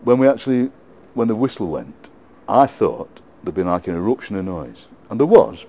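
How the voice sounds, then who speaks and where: A middle-aged man with a Yorkshire accent, a poet being interviewed, telling lively football anecdotes with frequent laughs and repeated words. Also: fairly low pitch, quick pace, slight background noise. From England. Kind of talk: casual storytelling interview.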